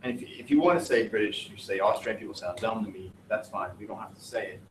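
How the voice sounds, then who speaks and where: A man's voice: lowish voice, fast, fairly bright tone, a little hiss or hum. A man from the United States teaching a class, lecturing in a chatty, jokey, digressive way. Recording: roomy classroom audio from a distant mic.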